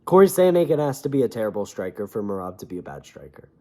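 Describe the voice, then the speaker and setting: A man's voice: on the low side, fast talker. Fired-up man ranting about fights. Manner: animated and opinionated, swears often. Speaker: MMA commentator. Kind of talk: casual fight-talk commentary.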